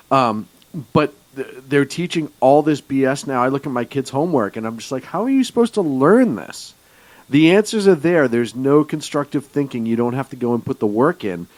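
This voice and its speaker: A man's voice: mid-range voice, no echo. A man co-hosting a talk radio show, talking sarcastically and chiming in to agree. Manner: sarcastic, quick to agree and chime in. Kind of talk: political talk radio discussion. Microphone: studio microphone.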